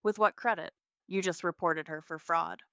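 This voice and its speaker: A woman's voice: lowish voice, fairly even intonation, moderate pace, vocal fry, pushed and bright, smooth, no room sound, clean studio sound. A woman voicing a hesitant young male coworker in a story read aloud. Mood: wary.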